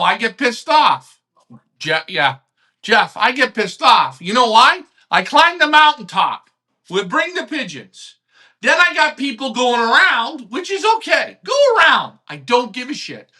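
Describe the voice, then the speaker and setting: A man hosting a live online pigeon club show, ranting heatedly, swearing and swinging from shouts to quiet mutters. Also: very high voice, sing-song, unhurried. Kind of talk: heated live-stream rant.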